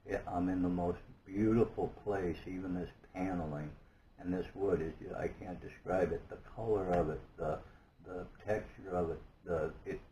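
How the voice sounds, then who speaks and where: A man giving a personal testimony, halting and earnest, searching for words with many restarts. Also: low-pitched, fairly even intonation, warm tone, a little hiss or hum, low-quality recording. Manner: earnest and awed. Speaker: guest telling his story.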